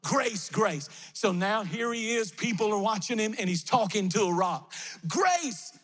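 A man's voice: sits high, steady tone, fairly quick, a bit bright, soft background music. A male pastor preaching a fervent sermon with chanted, repeated refrains in a large empty sanctuary. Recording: long reverb of a big hall.

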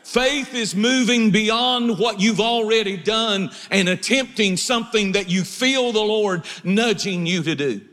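Joking preacher in an echoing hall. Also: male voice, sits high, a little slow, few pauses, a bit bright. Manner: humorous storytelling, preacherly. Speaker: pastor. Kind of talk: sermon. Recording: long hall reverb.

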